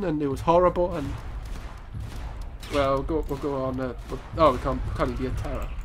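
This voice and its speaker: A man with a congested, nasal voice from a cold, giving chatty gameplay commentary and exclaiming at mishaps. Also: fairly high pitch. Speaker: gaming YouTuber.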